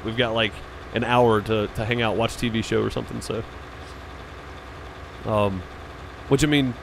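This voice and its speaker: A man's voice: medium pitch, slight background noise. A man live-streaming a farming game, chatting casually with viewers in a rambling, easygoing way. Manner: laid-back and rambling, with frequent "uh" and "man".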